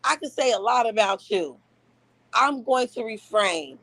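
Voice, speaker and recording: Woman streamer roasting someone live, loud mouthed and cussing, dry close sound no room echo. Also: fairly high pitch, expressive, a little slow. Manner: brash, profane, taunting trash talk.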